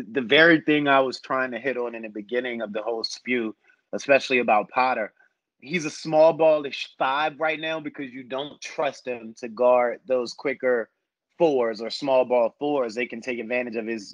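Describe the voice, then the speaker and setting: A man's voice: mid-range voice, normal speed, fairly bright tone, no echo. Man, basketball podcast chat, rambling, thoughtful, slightly lo-fi, dry. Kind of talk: casual sports discussion.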